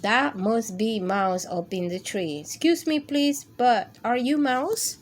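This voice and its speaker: A woman's voice: expressive, slow pace. A woman voicing a brave, curious little male kitten who politely asks around in a storybook tale. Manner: high, eager, questioning.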